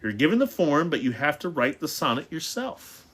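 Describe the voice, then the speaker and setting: A man's voice: fairly high pitch, sing-song, normal speed, a bit bright, slight background noise, pitched above the performer's own voice. A man reading as a stern ancient otherworldly woman. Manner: stern, lecturing.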